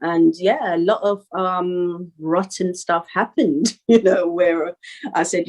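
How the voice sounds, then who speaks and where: A woman's voice: on the low side, fairly even intonation, slow pace, darkish tone, low-quality recording. A young woman with a London accent, chatting casually as an interview guest, laughing often and filling with "you know". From Northwest London, England. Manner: laid-back, laughs often, many "you know" fillers. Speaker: rapper guest.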